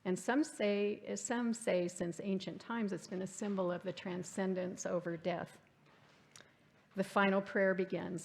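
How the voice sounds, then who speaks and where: Gravelly-voiced woman giving a church lecture. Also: medium pitch, steady tone, measured pace, a little mellow. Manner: reflective, reads quotes aloud. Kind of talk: literary lecture. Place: church hall.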